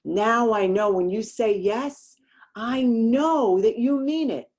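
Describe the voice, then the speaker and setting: A woman's voice: on the high side, takes it slowly, a little mellow. A woman host coaching women in a motivational talk, speaking emphatically and directly with casual slang.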